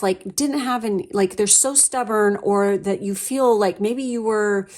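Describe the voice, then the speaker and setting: Blunt, profane woman giving a tarot reading. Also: mid-range voice. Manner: blunt, profane and emphatic, with many fillers. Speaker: tarot reader. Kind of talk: casual pick-a-card reading.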